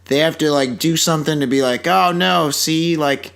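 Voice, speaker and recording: A man's voice: fairly high pitch, steady tone, normal speed, clean tone. Sarcastic man co-hosting a podcast. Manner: sarcastic, acts out characters in quoted voices, swears freely. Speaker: podcast co-host. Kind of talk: casual movie review chat.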